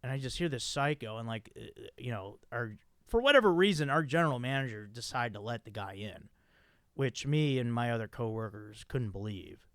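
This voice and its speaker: A man hosting a podcast, telling a story in a profane, animated way with many restarts. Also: mid-range voice, fairly quick, no echo, clean studio sound. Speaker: podcast host. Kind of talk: casual chat.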